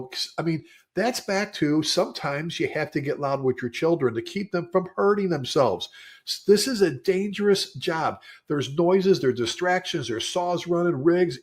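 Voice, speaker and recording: Emphatic male fire service podcast co-host. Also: fairly high pitch. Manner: emphatic storytelling with repeated phrases. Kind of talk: conversational podcast talk.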